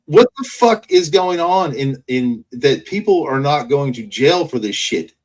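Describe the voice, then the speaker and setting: A man's voice: on the high side, big pitch swings, unhurried. A man in casual chat, ranting heatedly with constant profanity.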